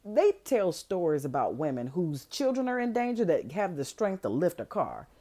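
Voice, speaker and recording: A woman hosting a podcast, recapping a movie in a casual, slangy way, full of "like" and lively asides. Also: on the low side, normal speed. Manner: animated, filler-heavy, slangy storytelling. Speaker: podcast host.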